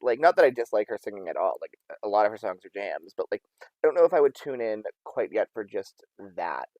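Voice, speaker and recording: A man's voice: fairly low pitch, sing-song, a little fast, a little mellow, no echo, rough recording. A young man as a podcast guest, chatting casually and animatedly acting out his own thoughts. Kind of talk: casual chat.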